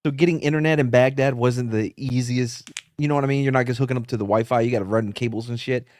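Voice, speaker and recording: A man's voice: mid-range voice, fairly even intonation, fast, darkish tone, no room sound, clean studio sound. A man in his thirties hosting a podcast, telling rambling, profane stories in casual chat. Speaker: podcast host.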